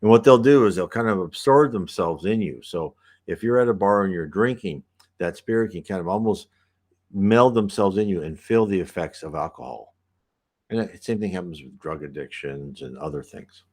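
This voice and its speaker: A man's voice: deep voice, moderate pace, darkish tone. A man giving rambling, casual commentary on a book he is reading, with many restarts and fillers. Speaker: reader and commentator.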